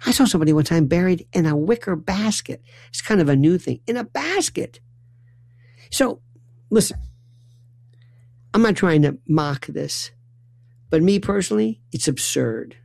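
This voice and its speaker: A man telling a rambling comic monologue, repeating and restarting words in quick bursts. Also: gravelly, no room sound. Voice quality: animated, acts out quoted voices with big pitch jumps. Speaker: storyteller.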